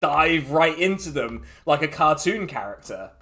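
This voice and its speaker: A man's voice: fairly high pitch, big pitch swings, a little slow, sharp tone. An English man narrating as dungeon master in a laid-back way, laughing often. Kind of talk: narrating a tabletop game.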